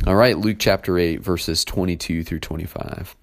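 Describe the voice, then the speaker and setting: A man with a very low voice delivers a sermon, first reading scripture aloud and then unpacking it. His explanations sound unhurried and conversational, with plenty of pauses and filler words. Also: vocal fry. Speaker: pastor.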